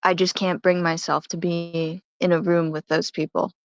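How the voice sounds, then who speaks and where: A woman speaks softly and hesitantly as a player in a tabletop game. Her voice is smooth and fairly low. The mic sounds muffled and dry. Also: level tone, moderate pace, no echo. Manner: soft, hesitant.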